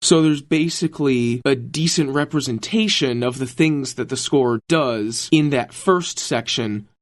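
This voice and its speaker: A man's voice: mid-range voice, measured pace. Dry-humored man co-hosting a podcast. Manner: dry, joking delivery. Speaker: podcast co-host. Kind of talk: casual chat.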